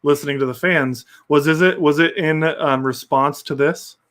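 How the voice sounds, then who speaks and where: A man's voice: on the high side, fairly even intonation, moderate pace, a bit bright. A man co-hosting a casual podcast, agreeing with the others and steering the talk along. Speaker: podcast co-host. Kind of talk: casual chat.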